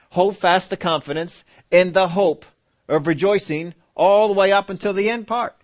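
A man preaching a sermon, reading scripture aloud and explaining it with slow, emphatic repetition. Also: on the high side.

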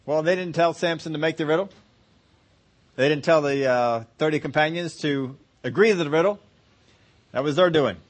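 A male pastor delivers a sermon in a relaxed, chatty way. He pitches his voice a little high, chuckles often, and drops into short acted exchanges to make his point. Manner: conversational preaching, laughs easily, acts out little scenes.

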